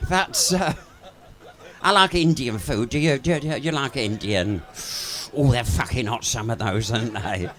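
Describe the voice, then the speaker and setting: A man's voice: mid-range voice, normal speed, fairly bright tone. A man doing live stand-up patter on a pub stage, chatty and bawdy, swearing freely and laughing at his own jokes. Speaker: pub comedian and singer.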